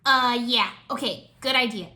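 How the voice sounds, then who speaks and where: A woman voicing an excitable young male ninja who loves video games, gushing and shrill. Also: normal speed. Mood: eager.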